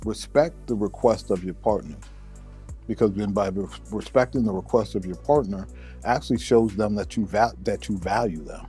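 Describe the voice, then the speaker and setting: A male therapist giving relationship advice in a measured way, often repeating words as he thinks. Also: on the low side, warm tone. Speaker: therapist answering a listener question. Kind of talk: advice talk to camera.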